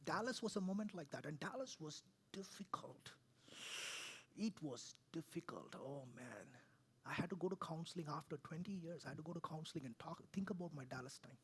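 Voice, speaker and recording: A man, preaching conversationally, swinging from loud to hushed and often asking "right?". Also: a little high, animated, brisk, breathy edge. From India. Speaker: pastor. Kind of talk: sermon. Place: church.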